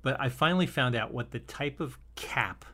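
A man co-hosting a relaxed conversation about a TV episode. He rambles, stops and restarts his sentences, and breaks into easy laughter. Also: medium pitch, moderate pace. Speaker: podcast co-host. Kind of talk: casual discussion of an old TV episode.

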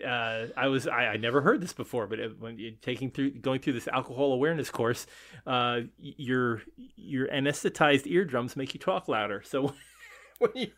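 A man's voice: medium pitch, normal speed, fairly bright tone. A man co-hosting a podcast in casual chat, talking in a hesitant way with many fillers and repeats and frequent laughs. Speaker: podcast co-host.

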